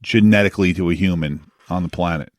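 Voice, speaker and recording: A man's voice: low-pitched, fast talker, no room sound, studio quality. A man co-hosting a podcast in casual chat, jokey and teasing, often talking over others. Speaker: podcast co-host.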